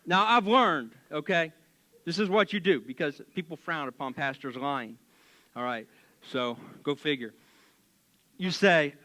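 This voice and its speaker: A man's voice: a little high, measured pace, long pauses. A man preaching as a pastor in a church, telling a Bible story casually with jokes and acted-out voices. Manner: animated, joking, acts out voices.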